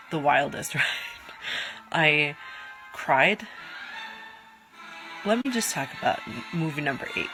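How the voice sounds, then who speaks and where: A woman's voice: low-pitched, fairly bright tone. A woman in her twenties reacting emotionally to movies in a casual vlog, rambling and dropping whispered asides. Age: 20s. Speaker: YouTuber.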